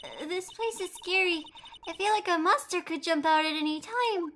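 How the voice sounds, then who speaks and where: A woman voicing an excitable, clingy little girl who squeals and gets worked up. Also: normal speed, a little hiss or hum. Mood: excited. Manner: squealing, high-strung.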